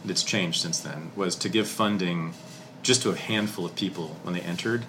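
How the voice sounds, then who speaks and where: A middle-aged man, a historian, telling his life story in a casual interview, candid and animated, swearing casually. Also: low-pitched, normal speed, a little hiss or hum.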